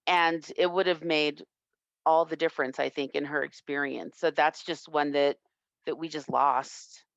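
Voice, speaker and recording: A woman self-defense instructor telling a personal story in an interview, reflective and earnest with halting restarts. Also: sits low, fairly even intonation, creaky, dry recording. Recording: dull lo-fi, dry sound.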